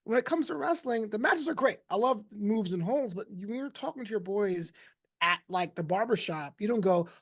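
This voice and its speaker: A man in his thirties with a notably high voice, chatting casually as a podcast guest. He tells stories with lively energy, laughs often, and quickly acts out what other people said. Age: 30s. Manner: animated storyteller, laughs often, acts out quotes.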